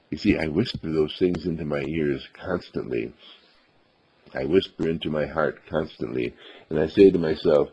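A man's voice: a bass voice, moderate pace, vocal fry, warm tone, breathy edge, highs cut off. A man giving an earnest, upbeat self-affirmation monologue as a motivational speaker, repeating his affirmations.

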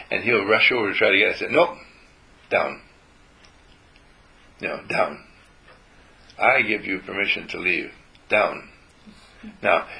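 A man giving a gentle spiritual talk to a group, telling stories and acting out how he talks to his dog. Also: medium pitch, vocal fry, low-quality recording.

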